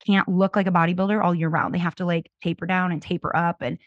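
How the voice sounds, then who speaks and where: A woman's voice: lowish voice, steady tone, fast talker, no echo, dull audio. A woman in her thirties, a podcast guest, telling her own story in an open, earnest way. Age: 30s. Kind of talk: candid personal testimony.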